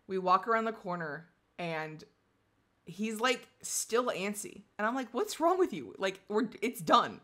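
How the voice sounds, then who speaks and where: A woman co-hosting a casual chat, telling an animated story with frequent laughter and sarcastic asides. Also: mid-range voice, measured pace. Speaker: podcast co-host.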